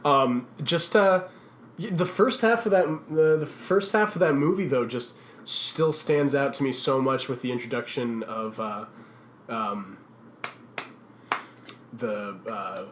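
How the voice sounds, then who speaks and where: A man's voice: medium pitch, slow, a bit bright, a little hiss or hum. A man co-hosting a podcast in casual chat, rambling and searching for his words. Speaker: podcast co-host. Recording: roomy echoey recording.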